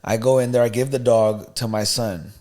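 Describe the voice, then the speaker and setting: A man co-hosting a podcast, telling a story in a casual, animated, slangy way. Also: medium pitch, normal speed. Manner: animated, slangy, "you know what I mean", "bro". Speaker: podcast co-host.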